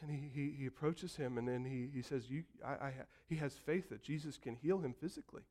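A man preaching a sermon, telling the story vividly and acting out voices, building from quiet to loud calls. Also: mid-range voice, fairly quick. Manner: storytelling preacher, acts out quotes and builds to shouts. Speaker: pastor.

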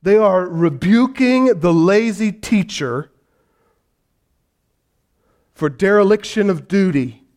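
A high-pitched male pastor delivering a sermon. He moves between soft, reassuring passages and loud, energetic scenes. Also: slow pace, pauses often. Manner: animated, shifts from hushed to loud.

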